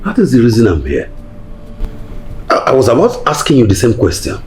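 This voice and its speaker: An actor with a Nigerian accent playing a puzzled, serious family friend. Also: male voice, medium pitch, huge pitch swings, a little fast, a little mellow, faint music behind. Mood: concerned. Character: concerned male family friend.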